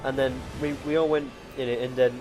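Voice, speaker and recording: Young guy yapping about games, keeps restarting, loud-ish music under him. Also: mid-range voice, steady tone, quick pace. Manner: rambling, lots of restarts and "like". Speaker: co-host. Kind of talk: casual gaming chat.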